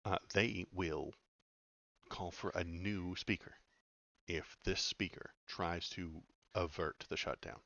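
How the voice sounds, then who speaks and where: A man with a very low, gravelly voice talks through the news in a sarcastic, rambling way, full of hesitations. The sound is dry and a little dull, like a lo-fi home mic. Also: steady tone, slow pace, a bit bright, no room sound. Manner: sarcastic, rambling, many "uh" fillers. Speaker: political commentary streamer. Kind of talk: casual commentary reading news aloud.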